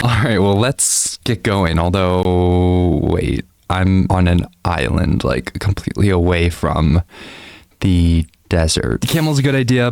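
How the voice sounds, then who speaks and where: A man's voice: on the low side, a little mellow, no room sound, clean studio sound. A man hosting his own gaming channel, giving upbeat, chatty commentary as he plays and talking straight to his viewers. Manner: upbeat and chatty, talks to viewers and to animals in the game. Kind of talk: casual game commentary.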